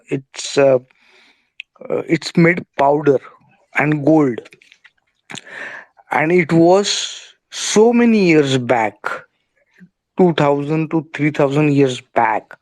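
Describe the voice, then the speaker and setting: A man, hoarse from a sore throat. He talks slowly and hesitantly, filling pauses and apologizing as he goes. His voice sits a little high and the sound is dry and close. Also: dry recording. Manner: hesitant, many fillers, apologetic. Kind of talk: casual discussion, call-in.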